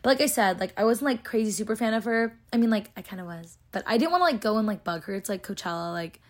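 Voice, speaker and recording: A young woman telling a chatty story to her viewers, talking fast with lots of fillers. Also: mid-range voice, animated. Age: young adult. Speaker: vlogger. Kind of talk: casual storytelling vlog.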